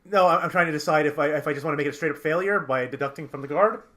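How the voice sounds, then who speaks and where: A man running a tabletop game as game master, explaining rules in quick, halting bursts with many restarts. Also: a little high, sharp tone.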